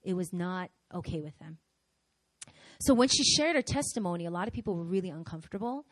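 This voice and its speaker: A middle-aged woman pastor preaching a sermon in an animated way, acting out voices as she tells examples. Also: lowish voice, fairly quick, dry recording. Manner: animated, acts out quoted voices.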